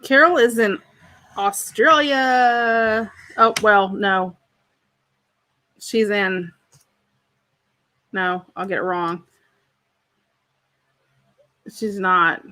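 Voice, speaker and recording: A woman's voice: mid-range voice, fairly even intonation, drawn-out words, pauses often, bright, forceful tone. A woman hosting a casual craft livestream from home, chatting with viewers and reading their comments aloud. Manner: chatty, friendly, laughs easily, reads viewers' comments aloud. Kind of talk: casual chat with live viewers.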